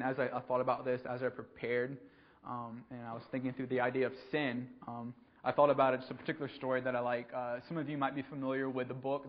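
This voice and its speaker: A man preaching a conversational sermon, pausing often with ums and repeating words as he goes. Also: medium pitch. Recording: dull lo-fi recording.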